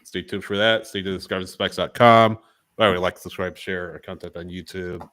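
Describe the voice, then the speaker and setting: A man's voice: low-pitched, fairly even intonation, fairly quick, fairly bright tone, dry recording. A man hosting a casual sports podcast, wrapping up with schedule details and plugs for the show. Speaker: podcast host.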